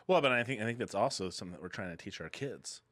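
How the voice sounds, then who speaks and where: A man's voice: on the low side, animated, fast, a bit bright, dry recording. A middle-aged man co-hosting a casual podcast, easygoing and rambling, often chuckling. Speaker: podcast co-host. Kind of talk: casual chat.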